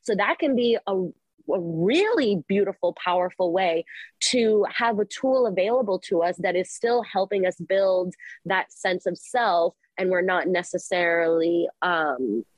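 A woman therapist who is a guest on a podcast, gently explaining psychological ideas and briefly acting out inner voices. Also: fairly low pitch, measured pace, dry recording. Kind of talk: explanatory interview talk.

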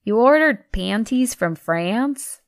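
A woman's voice: mid-range voice, unhurried, a bit bright, clean tone, dry recording, clean studio sound. A woman voicing an easygoing, bashful teenage American boy in plain, mildly flustered lines.

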